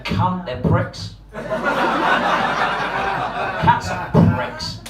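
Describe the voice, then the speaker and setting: A man in his forties from England rambles through a stand-up set, swearing freely and mocking himself. His voice sits high, and it comes across distant and roomy, as if taped from the back of the club. Music plays underneath. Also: very animated, drawn-out words. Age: 40s. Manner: profane, rambling, self-mocking storytelling. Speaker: stand-up comedian. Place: comedy club stage before a live audience. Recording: roomy live hall from far off, music behind.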